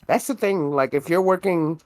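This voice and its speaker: A man with a slightly high voice, speaking at a moderate pace, co-hosts a podcast in casual chat. He tells long, rambling stories packed with swearing and fillers.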